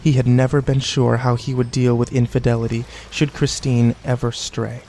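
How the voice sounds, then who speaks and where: A man reading a scripted horror story in a measured, deliberate way. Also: mid-range voice, flat delivery, warm tone, slight background noise. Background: faint background music.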